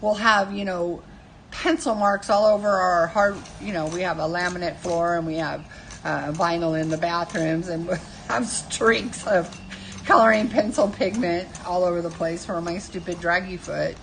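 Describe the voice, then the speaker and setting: Woman, 50s, live stream host. Casual, chatty, self-deprecating, lower pitch. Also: steady tone, moderate pace, slight background noise, low-quality recording. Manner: chatty, self-mocking, laughs often. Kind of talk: casual chat while drawing.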